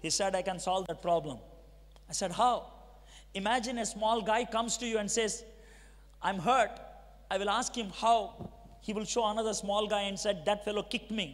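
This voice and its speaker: A man's voice: high-pitched, a little fast, a bit bright. A middle-aged man with a Telugu-accented Indian English voice, telling his testimony as a sermon, acting out the dialogue and asking the audience questions. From Andhra Pradesh, India. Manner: storytelling, acts out dialogue, asks the audience questions. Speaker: preacher giving his testimony. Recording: long reverb of a large hall.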